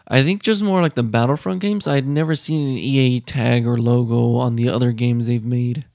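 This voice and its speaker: A man co-hosting a podcast in casual chat, joking and chatty with drawn-out asides. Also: mid-range voice, steady tone, vocal fry, a little mellow, dry recording, studio quality. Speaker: podcast co-host.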